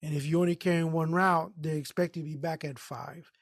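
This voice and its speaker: A man's voice: on the high side, brisk, creaky, no echo, studio quality. A man telling a work story in casual podcast chat, swearing and acting out what people said. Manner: profane, animated retelling with quoted voices. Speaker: podcast co-host.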